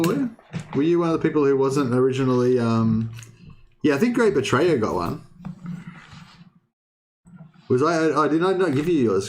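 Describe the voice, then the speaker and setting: A young man's medium-pitched, darkish voice carries a little hiss or hum as he streams. He chats with his viewers in a rambling, casual way, often starting sentences over and swearing.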